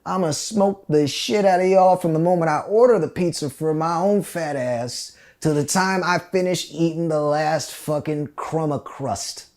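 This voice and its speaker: A man voicing a loud, mocking male army drill sergeant who taunts a recruit. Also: normal speed, hardly any pauses, natural voice. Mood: threatening. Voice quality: booming and taunting.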